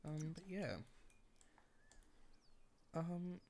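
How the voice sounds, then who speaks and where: Chatty creaky-voiced woman gaming. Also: low voice, big pitch swings, slow, pauses often, a little mellow, slight background noise. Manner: chatty, wry, talks to the game characters. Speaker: gameplay commentator. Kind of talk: casual let's-play commentary.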